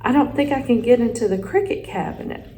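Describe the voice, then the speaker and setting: A woman reading aloud and voicing a small, brave, excitable male hamster in a high, squeaky, eager voice for a storybook. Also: a little fast, slight background noise, close to an everyday voice. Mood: earnest. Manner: eager and exclamatory.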